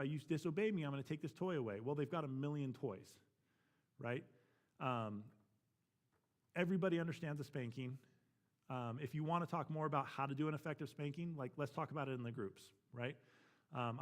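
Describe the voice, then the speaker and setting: A man teaching a church parenting class, talking frankly and matter-of-factly, often checking in with "right?". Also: a little high.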